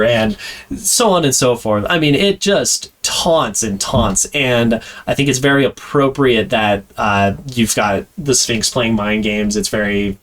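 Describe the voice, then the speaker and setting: A male podcast host recaps an episode in loose, rambling chat, stacking fillers and breaking into laughs as he goes. His pitch sits right in the middle for a man. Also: measured pace, fairly bright tone. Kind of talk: casual chat.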